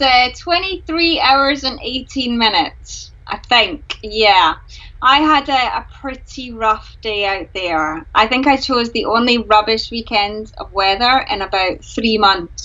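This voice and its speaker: A woman's voice: fairly high pitch, measured pace, sharp tone, muffled recording. A woman from Scotland, a guest on a live-streamed video call, answering frankly and thoughtfully with many fillers. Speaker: ultra runner guest.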